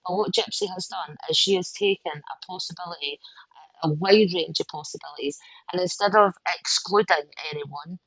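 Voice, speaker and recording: A woman's voice: lowish voice, a little fast, a bit bright, husky, dry recording, low-quality recording. A Scottish woman co-hosting a podcast, chatty and teasing in casual conversation. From Scotland. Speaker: podcast co-host. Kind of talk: casual chat.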